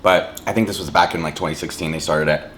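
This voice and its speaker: Very low-voiced man rambling while eating. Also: fairly even intonation, quick pace, a bit bright, slight background noise. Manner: rambling, says "like" a lot, chews and hums between lines. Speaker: mukbang vlogger. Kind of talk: casual chat while eating.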